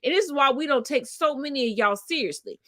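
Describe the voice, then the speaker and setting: A woman's voice: high voice, animated, fast, pushed and bright, dry recording, studio quality. Blunt, profane woman co-host. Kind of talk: casual podcast chat.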